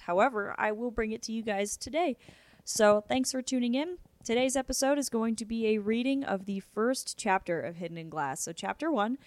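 A young woman hosting a podcast, reading a book chapter aloud in a casual, steady way. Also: on the high side, dry recording. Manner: casual, chatty intro then steady reading.

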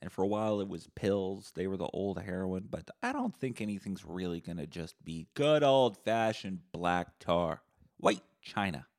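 A man hosting a solo podcast, rambling in crude deadpan humor. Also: low voice, moderate pace. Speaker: podcast host.

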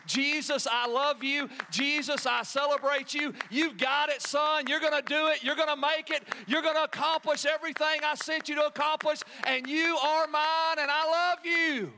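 A man's voice: very high voice, steady tone, normal speed, few pauses, pushed and bright, voice pushed up, exaggerated voice. A man voicing God the Father as a proud, loving older father who cheers his son on. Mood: proud, cheering. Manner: fervent, cheering, reassuring.

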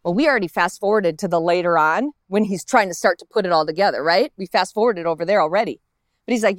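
A woman's voice: medium pitch, expressive, quick pace, dry recording, studio quality. A woman pastor giving a conversational sermon outdoors in a park, acting out the lines of the characters in the story as she goes.

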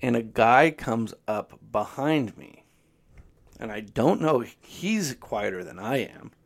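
A young man co-hosting a podcast, telling a story in a casual, animated way with lots of swearing. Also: medium pitch, slow pace, vocal fry. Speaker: podcast co-host.

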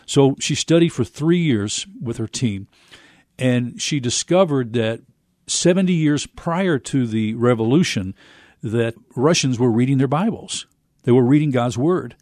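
A man of middle pitch hosts an interview, laying out long, measured setups before each question. His voice is recorded close and dry. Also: animated, a little mellow, no echo. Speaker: radio show host.

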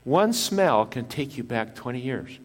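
A man's voice: medium pitch, lively intonation, a little slow. A man preaching a sermon as pastor, repeating key lines for emphasis and putting questions to the congregation. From Japan. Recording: long hall reverb.

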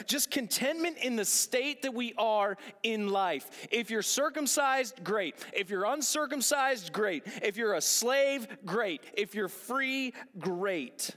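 High-voiced man preaching in an echoing hall. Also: a bit bright. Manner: earnest, repeats phrases for emphasis, asks rhetorical questions. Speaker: pastor. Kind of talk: sermon. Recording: long echoing hall reverb.

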